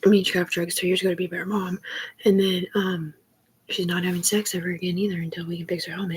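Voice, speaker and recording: A woman streaming live with a fairly low-pitched voice, rambling loosely and breaking into hushed, breathy whispers between normal speech. A soft hum of room noise sits faintly behind her. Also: flat delivery, fast, rough recording. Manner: rambling, often dropping into an unvoiced whisper. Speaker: livestreamer. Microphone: phone or webcam on a live stream.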